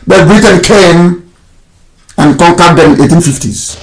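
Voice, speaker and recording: A Nigerian man giving a fiery, mocking solo broadcast, laughing often and shouting insults. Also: a little high, slow, long pauses. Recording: echoey room with faint noise.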